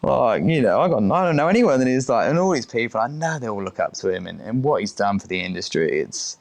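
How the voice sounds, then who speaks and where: A British chef and restaurant owner in his thirties is a guest on a podcast, in a casual interview chat. He has a mid-range, sing-song voice with vocal fry and talks fast. He's chatty, swears casually, and acts out what other people said.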